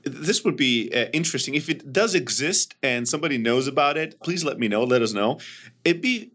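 A man in a casual podcast conversation, talking in an animated way and swearing when he gets emphatic. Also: medium pitch, fairly quick.

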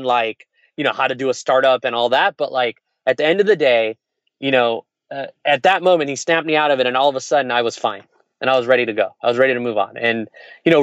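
A man speaking quickly and frankly about his past as an entrepreneur, slipping into quoted voices now and then. The recording is dry and a touch dull, with no room around it. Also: medium pitch, no echo. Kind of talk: candid conversational storytelling.

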